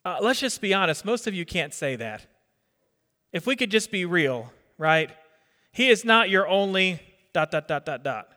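A man's voice: high voice, very animated, moderate pace, pushed and bright. A middle-aged man from New Jersey preaching a sermon in a conversational way, quizzing the congregation and repeating his words. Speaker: pastor. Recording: long reverb of a hall.

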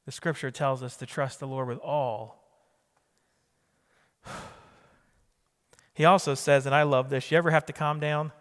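A man's voice: medium pitch, fairly even intonation, a little slow, pauses often, long reverb tail. A man preaching a sermon as pastor, emphatic, repeating key phrases and putting questions to the congregation.

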